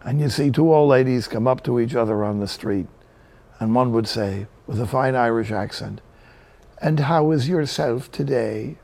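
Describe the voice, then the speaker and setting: A man's voice: medium pitch, moderate pace, darkish tone. A man from New Jersey preaching a sermon, telling Bible stories with humorous asides. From New Jersey, USA.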